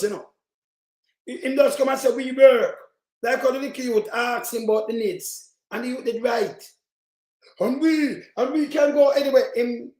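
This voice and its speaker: High-voiced Jamaican man ranting. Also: reverberant. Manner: heated, mocking, speaks in patois. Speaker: political commentator. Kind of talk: reaction commentary on played clips.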